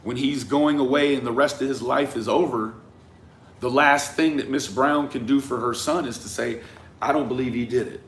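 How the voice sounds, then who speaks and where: A man in a mid-pitched voice talks through a case in a loose, reflective monologue, tossing in "right?" again and again and sometimes dropping into quiet asides. His voice rings in a roomy space with a faint hum of ambience behind it. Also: fairly even intonation, moderate pace. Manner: conversational, frequent "right?" tags, trailing off into quiet asides. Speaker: commentator on a true-crime case.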